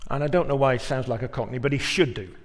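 A male pastor preaching a sermon, moving from quiet reflection to loud, emphatic peaks. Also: mid-range voice, fast talker, big-room sound.

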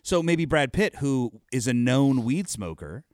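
A man's voice: mid-range voice, lively intonation, a little slow, darkish tone, dry recording. Guy cohosting a podcast, jokey, voice jumps around a lot, dry close mic. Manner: joking, laughs often, swears. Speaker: podcast co-host. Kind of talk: casual chat.

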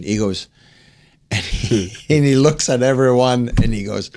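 A man who grew up speaking French, telling a long animated anecdote as an interview guest and acting out the quotes. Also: medium pitch, a little slow. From French-speaking upbringing. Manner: animated, acts out quotes, swears. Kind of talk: anecdote storytelling.

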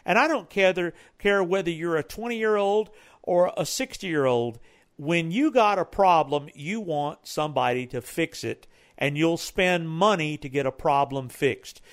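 A man's voice: on the high side, measured pace. A man co-hosting a talk, giving business advice in a rambling, loosely built way. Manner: rambling, with many restarts and fillers.

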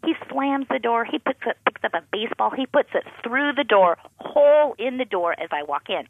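A woman, a pastor's wife and author, telling lively family stories as a radio guest and acting out the dialogue. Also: on the high side, normal speed, slight background noise. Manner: lively anecdotes, acts out quoted dialogue. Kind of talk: animated personal storytelling in a radio interview. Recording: phone-like narrow sound.

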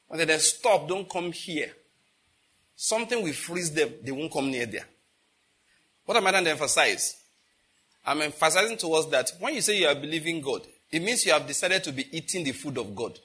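A middle-aged man, preaching a sermon with lively rhetorical questions. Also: on the high side, breathy edge. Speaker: pastor.

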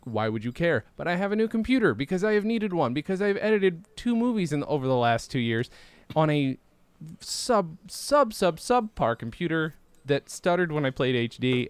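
Rambling, animated podcast host man. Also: mid-range voice, clean tone, no room sound. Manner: rambling, self-deprecating, many fillers and restarts. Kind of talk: casual chat.

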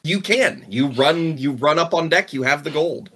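Bright, husky-voiced man narrating a game. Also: on the high side, normal speed. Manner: playful, laughing, repeats words. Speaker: game master.

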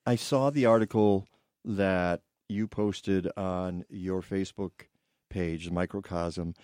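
Lowish guy radio host, joking around, dry studio mic. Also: slow pace, clean tone, no room sound. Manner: playful, animated, jokey. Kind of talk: casual radio interview. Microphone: studio microphone.

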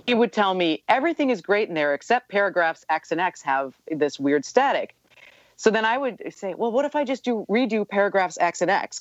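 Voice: medium pitch, no room sound. Chatty guest author on dull, dry audio. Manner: chatty, full of "you know" fillers. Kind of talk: casual interview chat.

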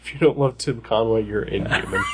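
A man's voice: lowish voice, slight background noise. A man co-hosting a casual podcast chat, rambling with many fillers and restarts. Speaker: podcast co-host.

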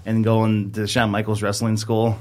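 A man's voice: lowish voice, monotone, moderate pace, a little mellow. A man in his thirties, a podcast co-host, telling a long rambling story in casual chat, full of fillers.

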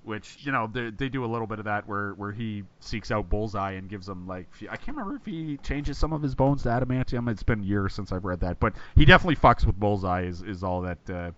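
A man co-hosting a podcast, talking fast and rambling, often swearing and laughing. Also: on the low side, lively intonation, a bit bright, highs cut off. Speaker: podcast co-host. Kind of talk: casual chat.

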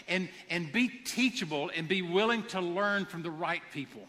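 Bright, high-voiced man preaching. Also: normal speed, few pauses, long reverb tail. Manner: earnest, repeats phrases for emphasis. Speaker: pastor. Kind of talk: sermon.

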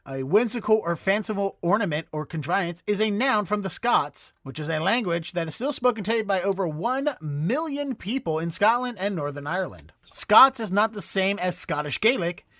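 A man with a Boston accent hosting a casual comedy podcast. He has a high voice and a dry, close recording. He rambles along and keeps tripping over longer words. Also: animated, normal speed, hardly any pauses, fairly bright tone, no echo. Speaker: podcast host.

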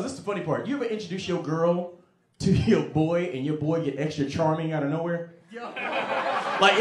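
A man performing a stand-up comedy set, animated and slipping into character voices. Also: high voice, background noise. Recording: roomy club with laughing crowd.

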